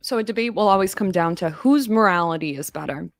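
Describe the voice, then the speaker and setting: A woman's voice: mid-range voice, quick pace, no room sound, faint music behind. A woman around thirty giving casual, offhand commentary on a live stream, mocking herself and laughing often.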